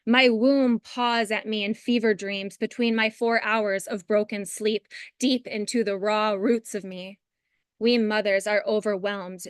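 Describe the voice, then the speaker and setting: Bright-voiced chatty woman poet. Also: a little high, smooth, dry recording, clean studio sound. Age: 30s. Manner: chatty and bubbly, then measured reading. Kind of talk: poetry reading on a video call. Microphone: video call.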